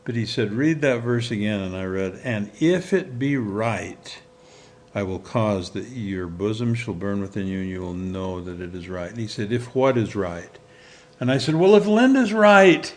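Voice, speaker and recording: An older man telling a personal story as an interview guest, animated and chuckling, acting out the dialogue he remembers. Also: on the low side, moderate pace, a little hiss or hum.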